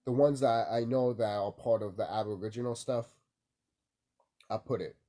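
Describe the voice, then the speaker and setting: Vlogging from home in the early morning, a young man sounds sleepy and rambles loosely, swearing casually and leaning on fillers. His voice is mid-range and dark, at a moderate pace.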